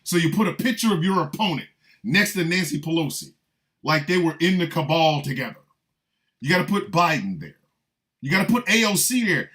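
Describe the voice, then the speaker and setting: A man's voice: on the high side, lively intonation, brisk, fairly bright tone. A man delivering a comic monologue, riffing with repeated lines and mock-incredulous asides. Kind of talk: comedic monologue.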